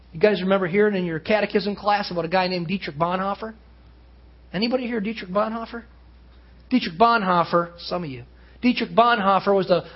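A male pastor preaching a sermon to a congregation, his delivery rising to loud emphasis and dropping to hushed tones. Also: fairly high pitch, husky. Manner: earnest preaching that swells loud and drops to hushed. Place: church. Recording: dull lo-fi sound.

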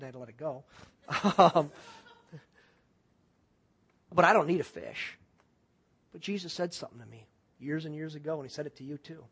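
High-pitched middle-aged guy preaching, swings from excited to real quiet. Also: slightly rough. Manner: swings from loud excited storytelling to hushed quiet intensity. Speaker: pastor. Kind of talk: sermon storytelling.

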